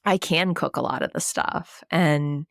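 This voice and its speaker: A woman from New Jersey, a writer, chatting casually as a podcast guest in a relaxed, talky way. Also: sits low, unhurried, vocal fry, no room sound, clean studio sound. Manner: chatty, relaxed, many "you know"s.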